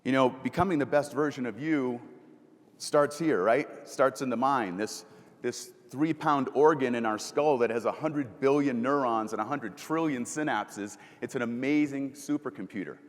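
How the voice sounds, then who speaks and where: A man speaking at a middle pitch delivers a motivational keynote on a conference stage, asking questions and leading slow breathing. His voice rings through a large hall with a long reverb tail. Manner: asks the audience questions and leads breathing exercises.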